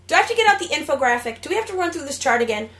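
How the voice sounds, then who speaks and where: A woman's voice: sits high, very animated, rapid-fire, fairly bright tone. A young woman co-hosting a casual gaming and gadget podcast, bubbly and jokey, rambling with fillers. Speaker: podcast co-host.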